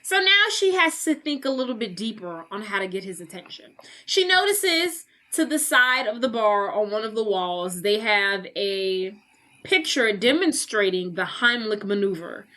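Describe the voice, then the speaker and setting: A woman podcast co-host casually recapping a movie plot, animated and full of swearing. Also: mid-range voice, moderate pace. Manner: animated retelling with acted quotes, swearing.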